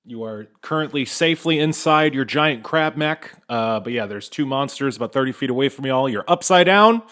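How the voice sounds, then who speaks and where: A man's voice: mid-range voice, animated, moderate pace, fairly bright tone, smooth. A man narrating as game master in a tabletop game, loose and conversational with frequent fillers.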